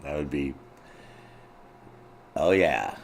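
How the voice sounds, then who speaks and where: A man's voice: rumbling low, animated, drawn-out words, gravelly, slight background noise. A middle-aged man streaming live, chatting casually with his viewers, swearing freely, joking crudely and laughing often. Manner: crude, profane, laughing a lot, reads chat.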